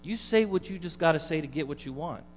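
A man's voice: on the high side, expressive, fast talker. A middle-aged man preaching a sermon in a conversational way, putting questions to his congregation. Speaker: pastor. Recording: dull, echoey hall with mains hum.

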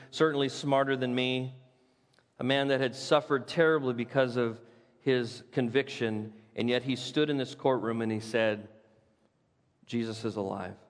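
Preaching man in a reverberant hall. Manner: swings between loud, high proclaiming and hushed, low emphasis. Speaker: pastor. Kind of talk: sermon. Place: church sanctuary. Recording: long reverb of a large hall.

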